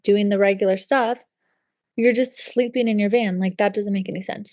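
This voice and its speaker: A woman's voice: mid-range voice, mellow, no room sound. A young woman co-hosting a podcast in casual chat, emphatic and agreeing, filling her talk with "like". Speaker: podcast co-host.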